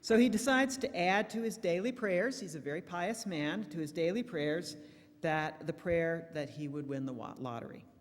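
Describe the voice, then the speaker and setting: A woman's voice: fairly low pitch, moderate pace, in a large hall. A woman minister giving a sermon in a church, telling jokes in a storytelling manner. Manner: warm storytelling, lively shifts in loudness. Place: church sanctuary.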